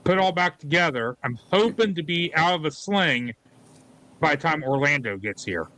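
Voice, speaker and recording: A man's voice: fairly high pitch, expressive, moderate pace, pushed and bright. A man on a video call speaking in a plain, matter-of-fact way in casual chat. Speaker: guest.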